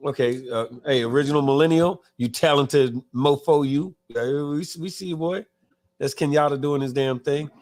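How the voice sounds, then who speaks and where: A man's voice: on the high side, moderate pace, darkish tone. A man hosting a live talk show in casual chat, reading viewer comments aloud and often stumbling and restarting his words. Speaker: podcast host.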